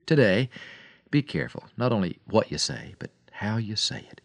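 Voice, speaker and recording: A man with a low voice preaches a short radio devotional. He tells his stories dramatically, with lively rises and falls in pitch. The sound is dry and close, with no room around it. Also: moderate pace, dry recording. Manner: dramatic storyteller, swings between loud and soft.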